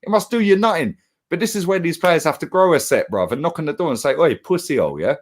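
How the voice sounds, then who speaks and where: Young bloke, fired-up fan pundit, swearing freely, voice bouncing up and down. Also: male voice, a little high, quick pace. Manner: animated, heated, swears, slangy. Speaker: football fan channel co-host. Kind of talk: casual football chat.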